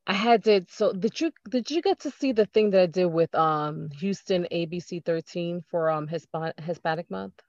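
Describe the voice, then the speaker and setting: Gravelly, encouraging woman on a muffled line. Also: on the low side, normal speed, few pauses, no echo. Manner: warm, encouraging, laughs along. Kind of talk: casual conversation.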